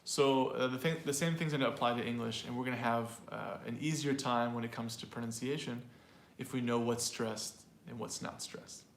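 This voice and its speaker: This male language teacher has a medium-pitched, steady voice and talks at normal speed with few pauses. Hosting an online pronunciation lesson, he stays loose and chatty, with fillers and small laughs, and voices example phrases to illustrate them. The room is echoey, with a little hiss or hum.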